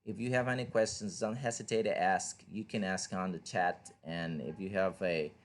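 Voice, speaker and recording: A deep, steady male voice moves at a moderate pace. The man, a Spanish speaker by birth, delivers an online English reading lecture, patiently walking through the material and posing questions to the listener.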